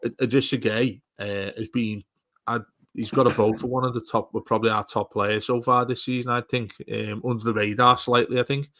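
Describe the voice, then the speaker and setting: A man's voice: medium pitch, level tone, brisk, fairly bright tone, no room sound. Enthusiastic man chatting football. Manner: enthusiastic, restarts words often. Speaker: podcast co-host. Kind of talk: casual football chat.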